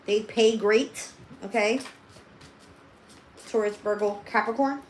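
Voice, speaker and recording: A woman's voice: mid-range voice, fairly even intonation, takes it slowly, roomy sound, slight background noise, low-quality recording. A woman giving a livestream tarot reading. She talks straight to her viewers, blunt and heavily profane, and thinks aloud as she turns the cards. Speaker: tarot reader.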